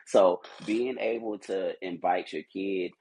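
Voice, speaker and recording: A man's voice: sits low, steady tone, slow, dark tone, slightly rough, poor audio. A man who heads a company, speaking as a podcast guest, earnest and motivational, rambling with many restarts. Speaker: CEO guest. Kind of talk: podcast interview, motivational talk.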